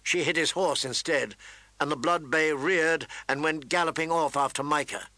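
A man reading a fantasy novel aloud in steady, dramatic storytelling narration. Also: on the high side, moderate pace, no echo. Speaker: audiobook narrator. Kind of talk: scripted narration.

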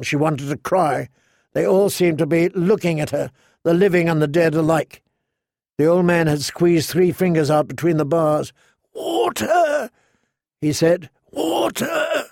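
A man narrating an audiobook in a measured, unhurried, vivid way. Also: fairly high pitch, vocal fry, darkish tone, no echo, studio quality. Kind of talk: scripted narration.

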